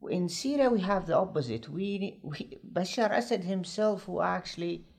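A male political commentator in a news discussion, earnest and halting as he searches for words. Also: high voice, lively intonation, vocal fry.

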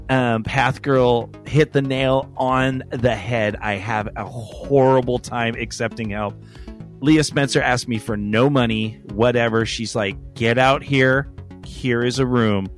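A man's voice: medium pitch, measured pace, soft background music. A man hosting a podcast, telling a rambling, profane story in a casual chat. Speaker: podcast host.

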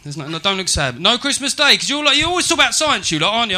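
A man's voice: sits high, very animated, fast, few pauses, sharp tone. A man performing a stand-up set in a comedy venue, brash and swearing with mock-serious asides.

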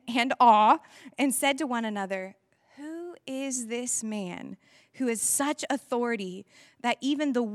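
Woman preacher, high voice, dry close sound, animated storytelling. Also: no room sound. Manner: animated storytelling, laughs often. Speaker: pastor. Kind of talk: sermon. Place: church.

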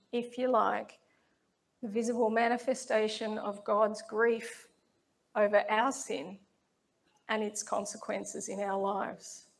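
A woman delivers a sermon at an unhurried, deliberate pace, letting each line of scripture settle. Her fairly high voice carries a gravelly edge, and she sounds measured and reflective. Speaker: preacher.

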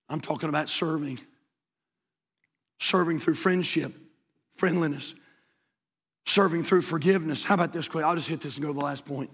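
High-voiced preacher in a reverberant hall. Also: male voice, slightly rough. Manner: swings from shouted high exhortation to low quiet storytelling. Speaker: pastor. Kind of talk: sermon. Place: church sanctuary.

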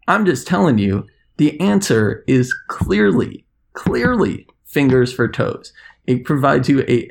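A man on a podcast as its international correspondent, ranting in an animated, sarcastic way. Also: mid-range voice, vocal fry, breathy edge. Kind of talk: podcast chat.

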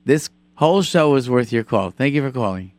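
A man hosting a call-in radio show, chatting with callers and telling animated stories with lots of repetition. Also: mid-range voice, a little fast, no echo. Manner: animated storyteller, repeats himself for emphasis. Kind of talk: call-in radio chat and storytelling.

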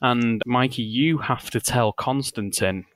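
A man's voice: medium pitch, unhurried, a bit bright, no echo. A man hosting a podcast, joking and setting up scenes in casual chat.

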